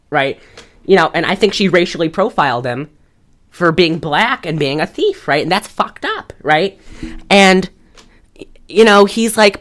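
Low-voiced woman telling a rambling story. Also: lively intonation, normal speed, fairly bright tone. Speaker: podcast co-host. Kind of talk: casual chat.

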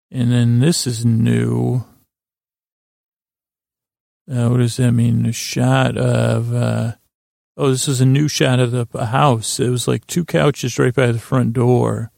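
A man rambling through a bedtime recap of a TV episode, halting often with uh and restarts and making dry asides. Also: medium pitch, level tone, creaky, darkish tone, dry recording. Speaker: podcast host retelling a TV episode as a bedtime story.

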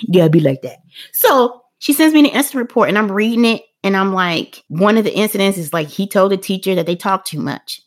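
Her mid-range voice moves fast as this middle-aged parent tells a story from her own life on a casual podcast. Animated and conversational, she leans on fillers, addresses the audience directly, and acts out others' dialogue.

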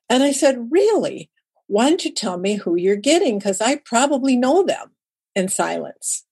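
Animated woman telling stories in an interview. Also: mid-range voice. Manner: lively storyteller who acts out quoted dialogue. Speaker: guest, writer and speaker. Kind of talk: conversational interview storytelling.

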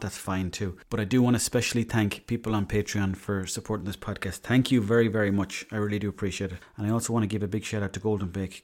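A man's voice: fairly low pitch, darkish tone. An Irish man in his thirties hosting a solo podcast, chatty and rambling, swearing freely as he tells stories. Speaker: podcast host. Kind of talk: casual solo podcast monologue.

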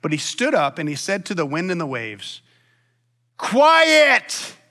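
A man preaches from the pulpit in a long-winded, animated way, often restarting his sentences. His voice sits fairly high and sounds bright and forceful. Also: brisk. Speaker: pastor. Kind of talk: sermon.

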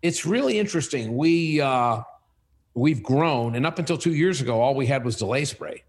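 A man's voice: medium pitch, moderate pace. A man, a company CEO, telling stories as a podcast guest and acting out the dialogue in them. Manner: animated, acts out dialogue in stories. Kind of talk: casual storytelling interview.

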